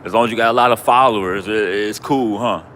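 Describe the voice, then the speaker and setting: Male livestream host, low voice, repetitive mocking rant, outdoors with faint traffic. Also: fast talker, fairly bright tone. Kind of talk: ranting livestream monologue.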